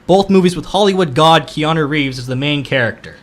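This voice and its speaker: A man's voice: a little high, fairly quick, a crowd in the background. A man co-hosting a casual radio show, reading movie news in a chatty way with fillers. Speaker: co-host. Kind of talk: casual pop-culture news chat. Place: radio studio.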